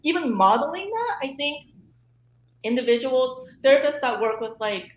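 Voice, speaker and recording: A high, lively woman therapist chatting as an interview guest, quick to laugh and full of fillers. Her voice bounces around a roomy, echoey space with a faint hum of room noise behind it. She sounds animated and friendly in her manner. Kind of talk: casual interview talk.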